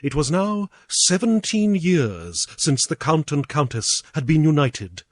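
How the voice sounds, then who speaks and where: A British man narrating an old tale in a measured, expressive reading. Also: fairly high pitch, no room sound. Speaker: audiobook reader. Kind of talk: storybook narration.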